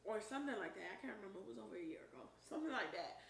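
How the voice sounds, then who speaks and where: Animated woman vlogger, roomy and distant. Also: mid-range voice, racing, creaky. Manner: animated, emphatic, profane storytelling with shouted quotes. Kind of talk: storytime while eating on camera. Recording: roomy echo, voice a bit far from the mic, faint noise.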